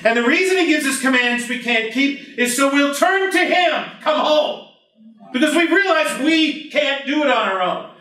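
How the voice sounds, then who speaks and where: A man preaching a lively, conversational sermon as pastor, joking with the congregation and breaking into shouts. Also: very high voice, normal speed, recorded from a distance. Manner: animated, jokey, bursts into shouts. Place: church sanctuary. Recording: echoey church from the back.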